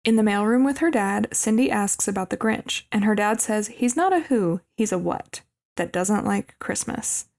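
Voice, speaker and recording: A woman co-hosting a podcast, narrating a movie plot in a relaxed way with asides. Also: medium pitch, normal speed, gravelly. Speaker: podcast co-host. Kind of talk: casual podcast movie recap.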